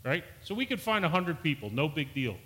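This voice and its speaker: Man, sermon, earnest, restarts words, bright voice, fairly high pitch. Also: very animated, fairly quick. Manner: earnest, repeats and restarts words, rises for emphasis. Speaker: pastor.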